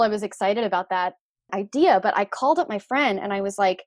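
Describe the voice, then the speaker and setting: A young adult woman telling a candid personal story, animated and frank, laughing and swearing as she goes. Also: medium pitch, brisk, no room sound, clean studio sound.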